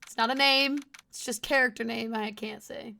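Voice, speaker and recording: Playful, high-voiced woman streamer, casual and a little foul-mouthed. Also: steady tone, normal speed, creaky, sharp tone, a little hiss or hum. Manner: playful, chatty, swears casually. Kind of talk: casual game-stream commentary reading dialogue aloud. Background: faint game music.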